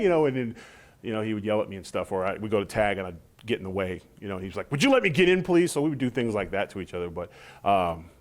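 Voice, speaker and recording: Man, low voice, middle-aged, interview guest, animated storyteller, acts out quotes. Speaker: interview guest, former wrestler. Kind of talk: casual shoot interview.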